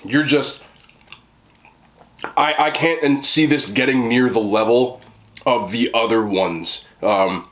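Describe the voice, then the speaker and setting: A man casually reviewing fast food on camera, chatting with fillers and talking through mouthfuls at a desk mic. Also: medium pitch, fairly bright tone. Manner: chatty, talks while chewing, frequent fillers.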